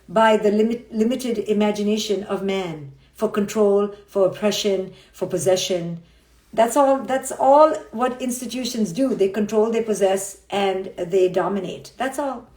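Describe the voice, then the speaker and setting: Middle-aged woman, frank motivational speaker, blunt and emphatic, mid-pitched voice in a roomy, echoey space. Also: a little mellow. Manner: emphatic and blunt, keeps checking in with "okay?" and "right?". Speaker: psychologist and speaker. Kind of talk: frank motivational live-stream talk. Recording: roomy echo.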